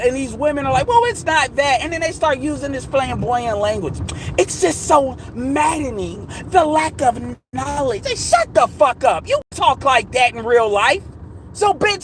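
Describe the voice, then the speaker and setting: Man, very high voice, blunt profane rant, heated delivery, faint traffic noise behind. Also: a bit bright, low-quality recording. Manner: mimics others in quoted asides. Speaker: vlogger. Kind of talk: ranting monologue to viewers.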